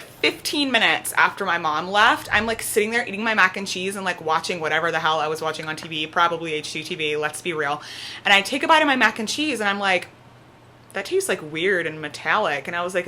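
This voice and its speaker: Bright-voiced young woman telling a chatty story. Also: fairly low pitch, slight background noise. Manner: chatty, peppered with "like", animated retelling. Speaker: vlogger. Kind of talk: casual storytelling to camera. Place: at home with her cat on her lap.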